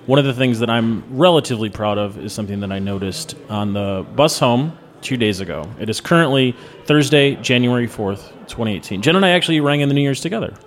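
A man's voice: mid-range voice, animated, fast talker, few pauses. A man in his thirties hosting a podcast in casual chat, blunt and opinionated, given to jokey rants. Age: 30s. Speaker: podcast host.

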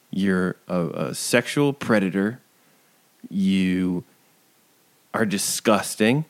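Slow-talking man on a profane mocking tirade. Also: low voice. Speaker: podcast co-host. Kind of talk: casual chat.

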